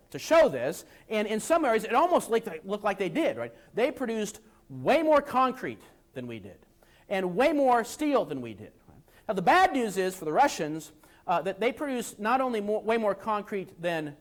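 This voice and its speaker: A man giving an economics lecture, talking in an animated way and checking in with his listeners through rhetorical tag questions. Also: high voice. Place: lecture at a seminar event.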